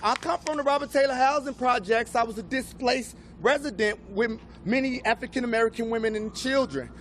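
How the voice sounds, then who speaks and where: A man's voice: extremely high pitch, a little fast, a bit bright, a little hiss or hum. A young man, a student activist, giving an earnest, impassioned speech at a public gathering.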